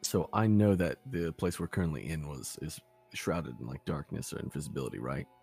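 A man's voice: extremely low pitch, fairly quick, creaky, a little mellow, husky, soft background music. A man playing a tabletop game, talking in an easygoing way and thinking aloud about his moves. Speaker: player. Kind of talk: casual tabletop play.

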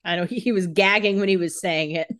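A woman's voice: lowish voice, fairly even intonation, fast, a bit bright. Woman co-host, casual recap talk, playful paraphrases, often laughing. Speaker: podcast co-host.

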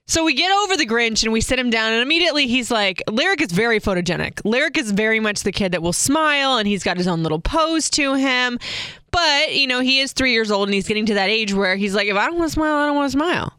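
A woman's voice: on the high side, lively intonation, quick pace, bright, forceful tone, smooth, no echo, studio quality. A young adult woman and mother telling a casual storytime, chatty with wry asides and acted-out quotes. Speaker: vlogger, mother.

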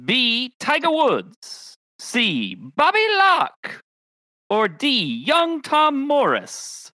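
A man voicing a formal British golf tee announcer, reading quiz questions in a put-on British accent with a drawn-out announcing manner. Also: extremely high pitch, huge pitch swings, bright, forceful tone, dry recording, full character voice.

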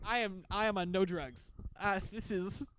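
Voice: mid-range voice, moderate pace, fairly bright tone, slight background noise. A young adult co-hosting a podcast, telling rambling stories in a casual chat and often stammering and repeating words. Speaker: podcast co-host.

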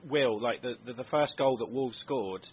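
A man hosting a football podcast in casual chat, chatty and asking questions with quick asides. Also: mid-range voice. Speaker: podcast host. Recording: dull lo-fi audio with faint noise.

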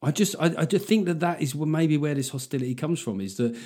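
A man's voice: fairly high pitch, lively intonation, fast, dark tone. A man hosting his own podcast, talking in a rambling, sweary, self-mocking monologue. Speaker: comedian podcast host.

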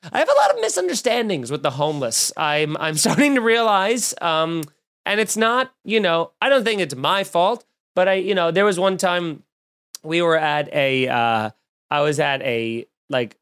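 A man's voice: on the high side, a bit bright, clean tone. A man chatting on his comedy podcast. He rambles through stories and pokes fun at himself with a loose, offhand delivery. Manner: rambling, self-mocking storyteller. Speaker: podcast host.

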